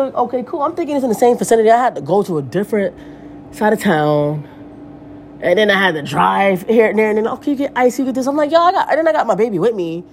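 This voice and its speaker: Fast-talking, animated woman ranting. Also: a little high, a little hiss or hum. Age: 30s. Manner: animated, profane, rambling storytelling. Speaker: podcast host. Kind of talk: casual rant.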